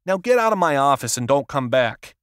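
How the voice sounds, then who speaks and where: A man voicing a gruff, sardonic middle-aged literary agent who talks in a brusque, clipped, sarcastic way, read as an audiobook character. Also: mid-range voice, very animated, a little fast, fairly bright tone, no echo, studio quality.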